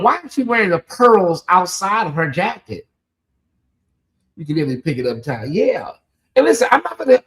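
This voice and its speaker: Channel host, live commentary, sassy, loud exclamations, very lively pitch. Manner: reads viewer comments aloud. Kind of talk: live chat commentary on a TV show.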